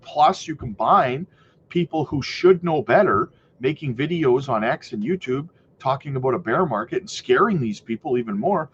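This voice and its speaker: A man's voice: a little high, dull audio, a little hiss or hum. A man hosting a crypto channel, talking casually to viewers in an emphatic, rhetorical way and often tagging on "right?". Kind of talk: casual commentary to camera.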